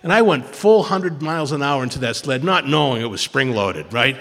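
A man's voice: mid-range voice, lively intonation, a little fast, a bit bright, big-room sound. Rambling man sharing at a recovery meeting. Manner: rambling storytelling with many restarts and acted quotes. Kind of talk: personal testimony at a twelve-step meeting.

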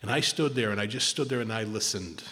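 A man telling his personal recovery story to a meeting, animated and then hushed, with many restarts and repeated words. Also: fairly low pitch, quick pace. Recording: long hall reverb.

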